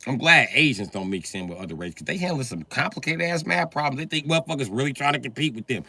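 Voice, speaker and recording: A man's voice: fast talker, vocal fry, few pauses, dry recording. A man doing a profane comedy rant on a live stream, breaking into put-on voices. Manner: profane, animated, acts out voices with big pitch jumps.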